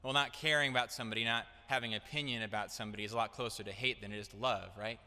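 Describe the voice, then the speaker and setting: Young male preacher, earnest sermon delivery, bright tone, long hall reverb. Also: medium pitch, steady tone, rapid-fire. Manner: earnest, direct, building to emphatic declarations. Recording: echoey hall.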